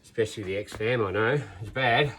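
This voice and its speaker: A man's voice: fairly low pitch, a little fast, fairly bright tone, a little hiss or hum, poor audio. Chatty man in his fifties coaching a workout. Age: 50s. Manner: chatty, encouraging coach talk. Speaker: fitness vlogger. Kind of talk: workout vlog with rep counting.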